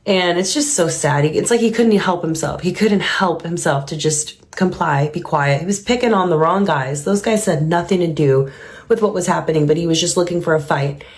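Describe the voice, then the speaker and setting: Earnest low-voiced woman reaction host. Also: moderate pace. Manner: earnest, reflective musing. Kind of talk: reaction commentary.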